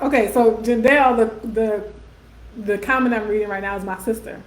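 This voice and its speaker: Talkative woman with a bright, roomy voice. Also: on the high side, steady tone, moderate pace. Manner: warm conversational, frequent "um", "right?" and "y'all", laughs often. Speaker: host of a live video series. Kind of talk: casual live-stream talk reading viewer comments. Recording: echoey room.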